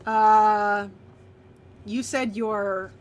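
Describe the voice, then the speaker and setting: A woman's voice: mid-range voice, fairly even intonation, noisy background. A woman acting as game master, narrating a tabletop role-playing game and calling out dice results with frequent laughter. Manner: bright, laughing and quick between dice rolls.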